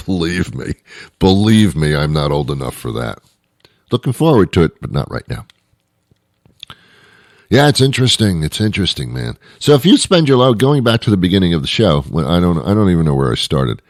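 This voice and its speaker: A man's voice: sits low, very animated, moderate pace, no echo, studio quality. A man hosting his own show, rambling through a self-deprecating comic monologue with stumbles and restarts. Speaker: host. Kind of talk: comedic monologue.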